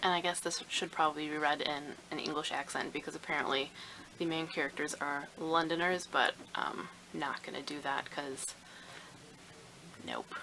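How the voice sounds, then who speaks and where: A woman's voice: low-pitched, fairly even intonation, moderate pace, bright, forceful tone, a little hiss or hum, rough recording. A woman giving a chatty, enthusiastic book review in a casual vlog.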